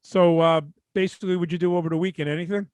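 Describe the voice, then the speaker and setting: A man's voice: high voice, level tone, quick pace, darkish tone, clear, resonant tone, no room sound. A man with a Brooklyn accent, a father with a grown daughter, co-hosting a podcast and chatting agreeably. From Brooklyn, New York. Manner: chatty, agreeable, trades bits and impressions. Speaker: podcast co-host. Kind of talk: casual chat.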